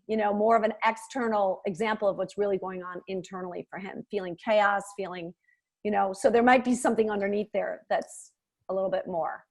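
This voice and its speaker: A woman giving coaching feedback over a video call, acting out example lines with lively swings. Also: medium pitch.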